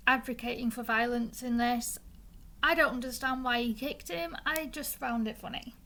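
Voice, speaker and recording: A young woman explains things in a casual, chatty way. Her voice sits high and carries a gravelly fry, and she stumbles and restarts words now and then. She has the hiccups. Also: fairly bright tone. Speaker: vlogger.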